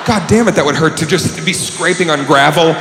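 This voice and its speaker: A male stand-up comedian with a loud, swaggering delivery, acting out scenes with shouted voices. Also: on the high side, brisk, noisy background. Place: comedy club on stage. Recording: roomy live club recording with crowd.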